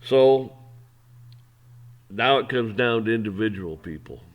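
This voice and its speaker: A man's voice: fairly low pitch, unhurried, dull audio. A man hosting an opinion show, ranting in a blunt, heated, profane way. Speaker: host. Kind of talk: opinion rant.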